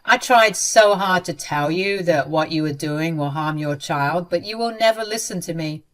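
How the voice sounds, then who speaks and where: A woman's voice: lowish voice, normal speed, natural voice. A woman voicing a cruel, bitter sister-in-law who talks in a sneering, cutting way. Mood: scornful.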